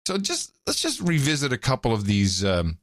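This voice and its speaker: A man hosting a podcast, chatting casually and reading listener notes aloud in an animated way. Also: medium pitch, moderate pace, no room sound, clean studio sound. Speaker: podcast host. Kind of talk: casual chat.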